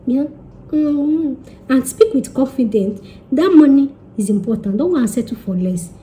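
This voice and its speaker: High, mellow-voiced Nigerian woman vlogger. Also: lively intonation, measured pace. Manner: chatty, teasing, addresses viewers directly, slips into pidgin. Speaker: vlogger giving relocation advice. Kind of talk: casual advice vlog.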